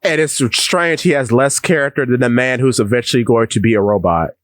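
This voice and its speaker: A man co-hosting a casual podcast chat, animated and quick to break into loud mimicry. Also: mid-range voice, no room sound. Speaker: podcast co-host.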